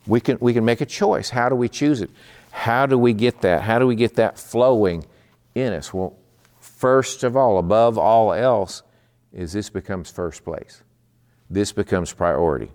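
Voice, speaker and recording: A man preaching a midweek sermon in a conversational way. He slows down to explain terms and often repeats words. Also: fairly low pitch, a little mellow. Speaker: pastor.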